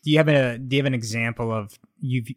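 A man's voice: mid-range voice, fairly even intonation, fast, dry recording, studio quality. A young man co-hosting a podcast, telling a casual story in an easygoing way. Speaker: podcast co-host. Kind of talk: casual chat.

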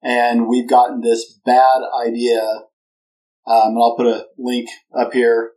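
A man's voice: medium pitch, monotone, slow pace, dark tone, poor audio. A man hosting a podcast interview in a chatty, self-deprecating and conversational way. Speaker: podcast host. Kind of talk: casual interview chat.

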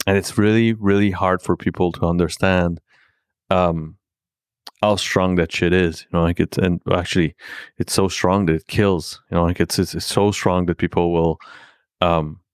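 A middle-aged man talking candidly in a conversation, halting and leaning heavily on filler words. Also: sits low, little pitch movement, clear, resonant tone, no room sound, studio quality.

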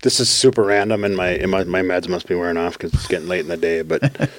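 A man's voice: sits low, quick pace, gravelly, no room sound. A man co-hosting a podcast, casually retelling comedy bits and acting out the quotes. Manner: animated storyteller acting out quotes, repeats "right". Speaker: podcast co-host.

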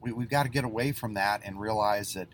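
A middle-aged man talks in a low, easygoing voice, giving homespun advice. He rambles, restarts his sentences and leans on fillers as he goes. A faint hum of ambient noise sits under his voice. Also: brisk. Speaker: plumbing business owner. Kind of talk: casual advice talk.

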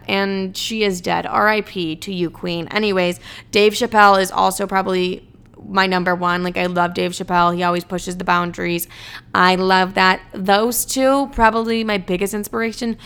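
A woman's voice: medium pitch, fairly even intonation, normal speed, creaky, fairly bright tone, smooth. A young woman in her twenties, answering fan questions in a blunt, profane, ranting chat full of "like". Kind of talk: casual chat.

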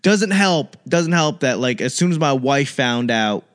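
A man hosting a casual solo chat, rambling and animated, with lots of fillers and restarts. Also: medium pitch, measured pace.

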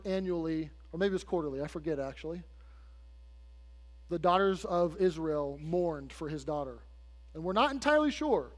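High-voiced pastor in a reverberant hall. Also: male voice. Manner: conversational storytelling, addresses the congregation directly; acts out quoted characters with shifts in pitch and loudness. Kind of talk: sermon. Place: church sanctuary. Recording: long hall reverb with faint mains hum.

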